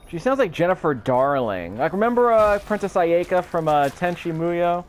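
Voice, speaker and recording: Chatting over a game in let's-play style, this man has a high-sitting, animated voice and talks at a normal speed. He rambles along and keeps correcting himself as he goes.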